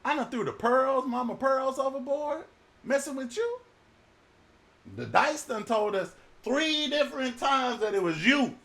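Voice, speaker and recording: A man's voice: very high-pitched, animated, a little slow, fairly bright tone, voice pushed up, heavily acted. A male preacher voicing frightened sailors who scold a runaway passenger, exasperated and colloquial.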